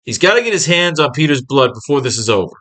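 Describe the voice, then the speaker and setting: A man's voice: mid-range voice, sing-song, fast talker, a bit bright. A man teaching comic writing in a casual, rambling and profane way, acting out scenes as he plans pages.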